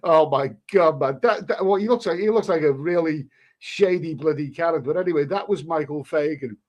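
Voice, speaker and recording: A man's voice: on the high side, a little fast, a little mellow. A man hosting a live stream, reading a story aloud in a casual way and breaking off to answer the chat.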